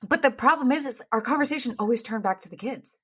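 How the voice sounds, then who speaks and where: Chatty woman podcast host, crisp voice. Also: on the high side, fast talker, a bit bright. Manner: chatty, laughing, trailing off with fillers. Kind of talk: casual chat.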